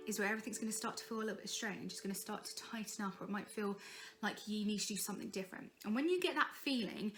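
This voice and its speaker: A young woman running a casual vocal tutorial, talking in a friendly, encouraging way. She keeps checking in with her students and explains each exercise step by step. Her speaking voice sits at an ordinary middle pitch. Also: fast, a bit bright, faint music behind. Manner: chatty, encouraging, frequent "okay?" check-ins. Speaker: singing teacher.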